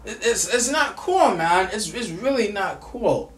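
A man's voice: high voice, lively intonation, a little slow, a bit bright, reverberant. An angry, grieving man from the United States vents in a profane vlog rant, stammering and repeating himself. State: grieving, furious.

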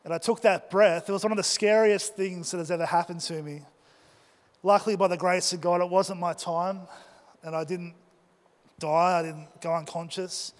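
A man telling a personal story to a live audience, animated and acting out his own thoughts. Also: high-pitched, moderate pace. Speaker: speaker addressing a live audience. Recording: reverberant hall.

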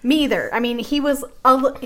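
A woman's voice: sits high, brisk, bright, forceful tone. A woman co-hosting a podcast in casual chat, making sarcastic, mocking comments. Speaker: podcast co-host.

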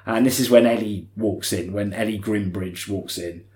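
A man's voice: fairly low pitch, level tone, moderate pace, few pauses, a little mellow. A man co-hosting a podcast, chatting casually as he recaps a film scene by scene. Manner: chatty, retells scenes in quoted voices. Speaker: podcast co-host. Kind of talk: casual film-review chat.

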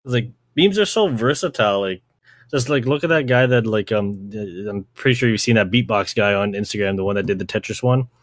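A man's voice: lowish voice, a little fast, no room sound. A young man hosting a podcast, talking in a rambling, slangy way, swearing and saying "like" constantly. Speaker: podcast host. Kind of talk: casual podcast chat.

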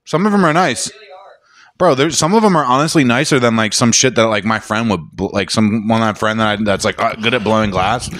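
A loud, brash young man co-hosting a podcast, cracking crude jokes in casual banter on a studio mic. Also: fairly low pitch, a little fast. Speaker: podcast co-host.

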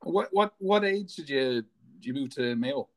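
Halting podcast host. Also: male voice, mid-range voice, expressive. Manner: halting, repeats words before questions. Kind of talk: casual interview.

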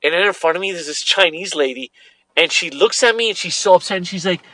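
A young man co-hosting a podcast, telling a funny story in an animated, joking way. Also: high voice, fast, no echo, poor audio. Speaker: podcast co-host. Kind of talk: casual chat, storytelling.

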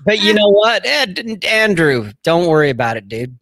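A man's voice: high voice, big pitch swings, moderate pace, fairly bright tone, no echo. A middle-aged man co-hosting a casual chat, talking bluntly and rambling, with frequent swearing. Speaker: co-host.

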